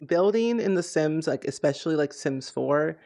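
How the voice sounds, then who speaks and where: A man's voice: fairly high pitch, animated, moderate pace, vocal fry, darkish tone. A man hosting a casual interview, enthusiastic and peppering his questions with "like". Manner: enthusiastic, heavy use of "like". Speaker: podcast host.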